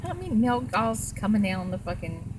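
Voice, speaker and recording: A woman's voice: mid-range voice, big pitch swings, normal speed, noisy background. A woman chatting casually in a vlog, rambling and swearing freely while sitting in her car at a drive-through. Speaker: vlogger.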